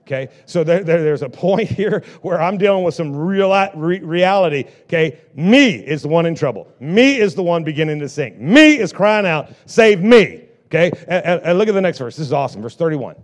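A middle-aged male pastor preaching a sermon, swinging between loud bursts and hushed lines. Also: fairly high pitch, expressive, fairly quick, few pauses.

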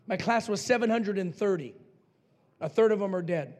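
An older man from New Mexico preaching a revival sermon as pastor, with fervent repeated declarations that often rise to shouts. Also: high voice, normal speed. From New Mexico, USA.

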